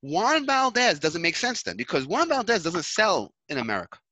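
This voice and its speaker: Lively bright-voiced man from New York. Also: high-pitched, moderate pace, dry recording, poor audio. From New York City. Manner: animated storytelling, swearing, many fillers and restarts. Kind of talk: casual chat.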